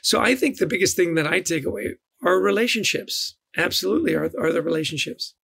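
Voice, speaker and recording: A man's voice: high voice, expressive, a little fast, gravelly, bright, forceful tone, slightly rough, no room sound. A middle-aged man telling stories as a podcast guest, enthusiastic and given to repeating his words. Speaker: guest, leadership author. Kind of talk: podcast interview.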